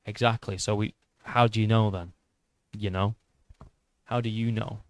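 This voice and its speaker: Swearing British lad arguing on stream. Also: male voice, lowish voice, fairly even intonation, moderate pace, no room sound. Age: 20s. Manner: swears often, restarts sentences, argues with a rough edge. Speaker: YouTube MMA channel host. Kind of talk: casual livestream chat reading viewer comments.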